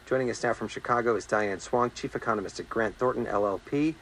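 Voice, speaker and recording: A man's voice: mid-range voice, fast, a bit bright, a little hiss or hum. A man anchoring the news, reading out a scripted introduction and asking questions. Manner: scripted newsreader delivery. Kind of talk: news presenting.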